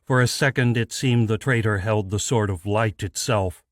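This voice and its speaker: A man narrating a fantasy audiobook in a measured, deliberate scripted read. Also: lowish voice, dry recording, clean studio sound.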